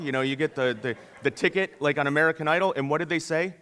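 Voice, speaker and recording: A man giving a keynote at a conference, telling a story in a lively way and acting out the voices of the people in it. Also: medium pitch, fast talker, hardly any pauses, smooth, a faint crowd. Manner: lively, acts out quoted voices. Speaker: keynote speaker. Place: conference hall. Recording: long reverb in a large hall.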